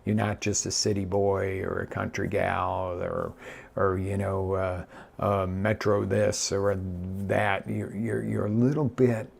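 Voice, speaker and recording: A man coaching live in an energetic, direct way, addressing his listeners with many quick restarts. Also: low voice, creaky, breathy edge. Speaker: life coach. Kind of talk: live motivational talk.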